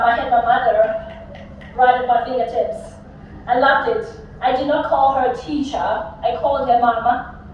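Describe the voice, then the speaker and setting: Young woman, high voice, humorous commencement storyteller; distant, muffled hall recording. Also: a little hiss or hum. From South Africa. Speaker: commencement speaker. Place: large graduation venue. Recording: echoey hall, distant mic, dull sound.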